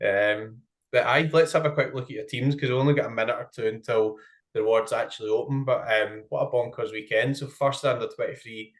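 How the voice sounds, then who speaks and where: A man's voice: medium pitch, steady tone, fairly quick. A man hosting a casual chat with a friend, upbeat and laughing easily, with plenty of ums. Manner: chatty, laughs often, says um a lot. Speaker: host.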